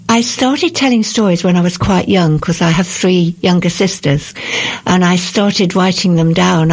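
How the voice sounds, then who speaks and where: Older lady, gravelly and a bit husky, thinking out loud in a radio chat. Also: on the low side. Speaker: author guest. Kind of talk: radio interview answers and book reading.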